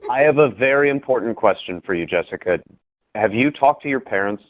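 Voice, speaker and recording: Male caller, awkward and defensive, lively pitch, over a tinny line. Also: brisk. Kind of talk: phone-in conversation. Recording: tinny radio phone line.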